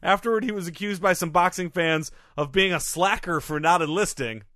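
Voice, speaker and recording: Bright, high-voiced man reading facts on a podcast. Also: brisk, no room sound, clean studio sound. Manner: reads facts aloud, then jokes and riffs. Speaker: podcast co-host. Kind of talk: casual comedic chat.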